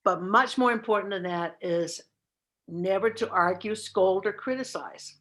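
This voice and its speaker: A woman's voice: medium pitch, a little slow, a bit bright. Earnest woman trainer, repeating herself. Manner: earnest, self-correcting, repeats words. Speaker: caregiving trainer. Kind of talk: presentation with discussion.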